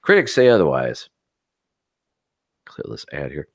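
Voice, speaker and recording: A man's voice: a bass voice, huge pitch swings, a little slow, dry recording, studio quality. A man co-hosting a casual podcast, reading news articles aloud and adding sarcastic asides. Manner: sarcastic asides between read passages. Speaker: podcast co-host.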